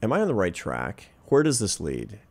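A man's voice: fairly low pitch, huge pitch swings, normal speed, gravelly, a little mellow. A man in his fifties, a social scientist and interview guest, earnestly telling a personal anecdote in conversation. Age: 50s. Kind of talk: reflective storytelling in conversation.

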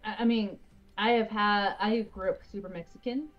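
A woman's voice: medium pitch, steady tone, normal speed. A woman chatting casually with friends while gaming, explaining things at length and laughing often. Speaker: streamer. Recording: slightly dull lo-fi mic.

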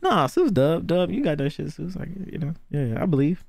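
Excitable, profane male cartoon reactor. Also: a little high, a little fast, gravelly. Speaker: reaction video host. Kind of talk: casual cartoon reaction commentary.

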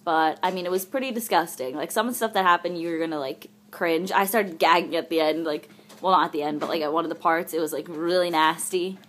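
A woman's voice: fairly low pitch, quick pace, a bit bright, slight background noise. A young woman talking casually to her camera in a daily vlog, chatty and goofy, filling her talk with "like". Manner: chatty and goofy, full of "like" fillers, jokes around. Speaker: vlogger.

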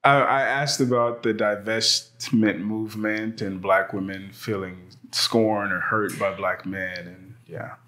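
A man's voice: on the low side, fairly even intonation, takes it slowly, few pauses, bright, forceful tone. A man hosting a casual conversational interview, laid-back and reassuring, speaking on a lapel mic in a studio. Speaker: podcast host. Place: indoor studio with white background.

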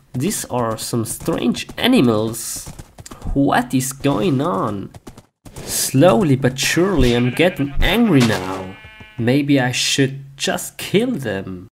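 A man talks his way through a playful game-style skit, narrating each step in a slow, drawn-out delivery. His pitch rises and falls a great deal. The tone is chatty and giggly, with a faint hiss of noise behind him. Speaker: player narrating a live-action game parody. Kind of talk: casual comedic narration.

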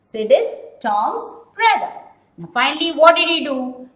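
Slow, lively-voiced woman teacher. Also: high voice. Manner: explains slowly, repeating key words and asking questions. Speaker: English teacher. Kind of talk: recorded class lesson. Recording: roomy echoing room.

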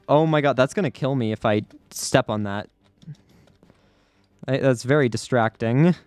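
A man's voice: mid-range voice, measured pace, long pauses, no echo, faint music behind. A man giving live commentary over his own gameplay, anxious and repeating himself under pressure. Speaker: gaming YouTuber.

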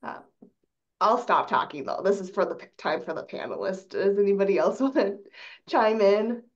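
A woman's voice: medium pitch, moderate pace, dull audio. A younger woman moderating a panel discussion in a chatty, conversational way. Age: young adult.

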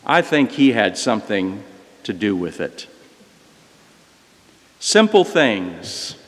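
An older man, a priest, telling a story in a sermon, reflective and gentle. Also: fairly low pitch, sing-song, slow, in a large hall. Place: church.

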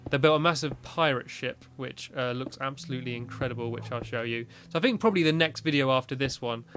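A man's voice: mid-range voice, fast talker, fairly bright tone. A man giving casual, rambling gameplay commentary, with lots of "like" fillers and light laughs. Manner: chatty and rambling, with frequent "like" fillers and small laughs. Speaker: gaming video host.

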